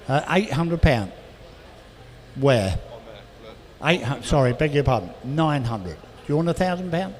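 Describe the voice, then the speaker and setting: A man working as an auctioneer, calling bids quickly and adding chatty asides about each car. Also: fairly high pitch, very animated. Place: auction hall, indoors. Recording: reverberant hall with faint noise.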